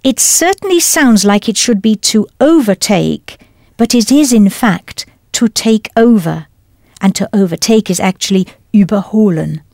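A woman's voice: mid-range voice, animated, a little slow, a little mellow, no room sound, studio quality. A woman teaching a scripted language lesson, enunciating carefully and prompting the listener with questions.

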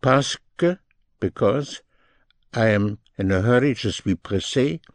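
A man teaching French phrases, explaining each one slowly and repeating it in both languages. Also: medium pitch, no room sound. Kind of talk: slow, deliberate language lesson.

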